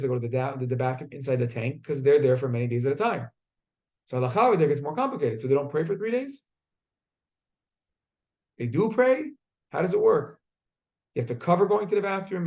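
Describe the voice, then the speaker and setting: A man teaching a class, with a somewhat high, gravelly voice. He keeps asking his students questions and tells stories with energy. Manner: lively, asks the class questions. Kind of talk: classroom lesson with storytelling.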